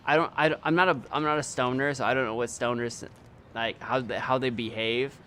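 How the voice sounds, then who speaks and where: A man's voice: mid-range voice, fairly even intonation, brisk, a bit bright, a little hiss or hum. A young man streaming a video game live, rambling casually and talking back at the screen and his chat. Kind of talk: live gameplay commentary.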